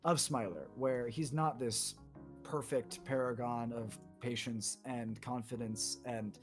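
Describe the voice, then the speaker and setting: A man on a casual tabletop podcast, talking slowly and haltingly with many fillers as he searches for words. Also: mid-range voice, steady tone, over music. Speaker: podcast host and player. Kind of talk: casual chat.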